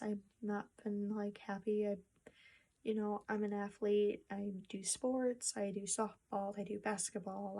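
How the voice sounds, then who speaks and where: A young woman speaks to her phone camera in a home vlog, in a slow and even voice with a lot of vocal fry. She is soft-spoken and halting, breaking off and restarting her sentences with sad pauses. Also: medium pitch. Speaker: vlogger. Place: home room with a treadmill.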